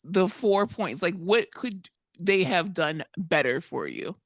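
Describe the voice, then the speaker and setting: A woman's voice: on the low side, lively intonation, slow, dry recording, studio quality. A woman from South Florida co-hosting a podcast, chatting casually in a playful, jokey way and laughing into her words. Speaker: podcast co-host. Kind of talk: casual chat.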